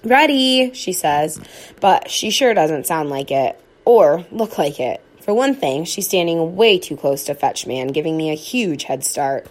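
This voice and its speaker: A woman narrating a children's storybook aloud in an expressive, animated way. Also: low-pitched, a little slow.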